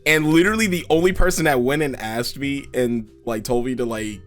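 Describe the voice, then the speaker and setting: A man's voice: medium pitch, normal speed, hardly any pauses, faint music behind. A man hosting a casual interview, laid-back, swearing freely and laughing often. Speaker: podcast host.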